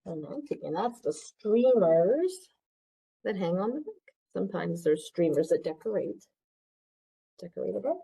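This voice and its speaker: A children's librarian reads a picture book aloud, stopping often to ask the listening kids questions. Her voice is lively and sing-song, sitting a little low with a husky, mellow tone. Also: measured pace, long pauses, rough recording. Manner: interactive, asks children questions.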